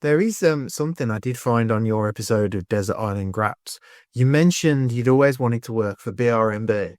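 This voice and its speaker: A man of middle pitch co-hosting a podcast, asking questions in a relaxed conversational way. The recording is dry and close, with no room sound. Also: moderate pace, no echo. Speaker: podcast co-host. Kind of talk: casual chat.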